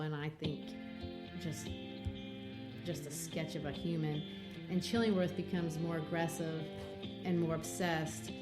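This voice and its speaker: Woman teaching literature, slightly low voice. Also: a little mellow. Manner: enthusiastic, retelling scenes with quotes. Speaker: podcast host and literature teacher. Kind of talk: literature discussion podcast.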